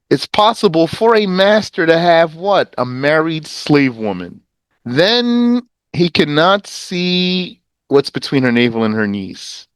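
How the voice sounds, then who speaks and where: A man teaching a lesson on a legal text, reading passages briskly, translating them slowly and quizzing his students in a conversational manner. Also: a little high, dry recording. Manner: lively, explanatory, conversational. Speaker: teacher of Islamic law.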